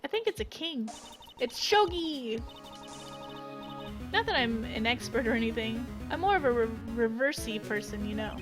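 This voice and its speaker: A woman's voice: fairly high pitch, lively intonation, fairly quick, hardly any pauses. A woman streamer giving casual commentary as she plays a game, chatty and laughing often. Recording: game music behind.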